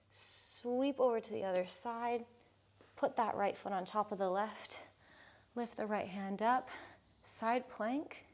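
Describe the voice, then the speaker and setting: Unhurried woman guiding a yoga class. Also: on the high side. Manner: calm, unhurried cueing of breath and poses. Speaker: yoga instructor. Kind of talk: guided yoga class instruction.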